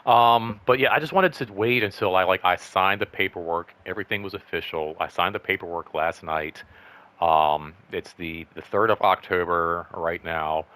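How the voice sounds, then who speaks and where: A man hosting a casual personal vlog update, rambling and excited, full of "like" and "um". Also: deep voice, normal speed. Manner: rambling, lots of "like" and "um"; excited, upbeat. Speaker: channel host.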